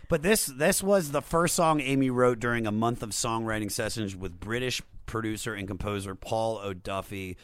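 A man's voice: on the low side, normal speed, hardly any pauses, smooth. A man hosting a casual podcast chat, laid-back and encouraging, laughing easily. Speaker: podcast host.

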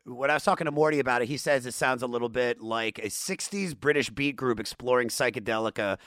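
A man hosting a casual chat show, excitable and profane, rambling as he talks about music. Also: medium pitch, quick pace, dry recording, clean studio sound. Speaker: podcast host, comedian.

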